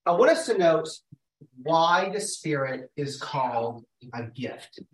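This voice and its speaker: Animated man leading a Bible study. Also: a little high, slow. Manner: animated, thinks aloud with restarts and rhetorical questions. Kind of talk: teaching a group Bible study. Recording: echoey room, voice from far off.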